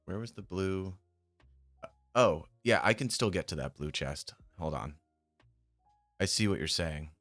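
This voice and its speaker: A man's voice: sits low, a little slow, pauses often, fairly bright tone, no echo. A man chatting casually on a live stream while playing a game and checking options trades, muttering and swearing when annoyed. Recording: faint music behind. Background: faint music.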